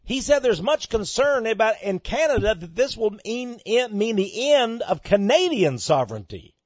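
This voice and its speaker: A man's voice: high-pitched, very animated, moderate pace, no echo, muffled recording. A man with a Texan accent hosting a radio talk show, delivering an emphatic, sarcastic monologue. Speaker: radio host.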